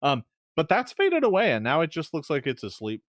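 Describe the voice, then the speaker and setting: A man's voice: a little high, wildly swooping pitch, fairly quick, fairly bright tone, no room sound, clean studio sound. A man running a tabletop game as game master, narrating with frequent fillers and laughs. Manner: chuckling, filler-heavy.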